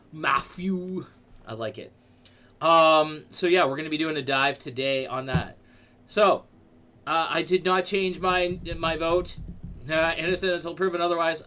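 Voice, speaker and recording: A man hosting a live stream in casual chat, loud, excitable and rambling. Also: on the high side. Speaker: livestream host.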